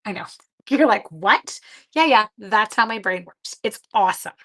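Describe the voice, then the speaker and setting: A woman's voice: mid-range voice, expressive, moderate pace, pushed and bright. A middle-aged woman hosting a live craft video, chatting with viewers as she works, short on sleep. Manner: chatty, talks to live viewers while working. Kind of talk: live craft-along chat.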